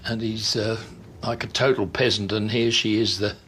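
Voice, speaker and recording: An older man with an Australian accent, a painter and entertainer, telling stories in a chatty, animated way. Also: fairly low pitch, moderate pace, slight background noise. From Western Australia.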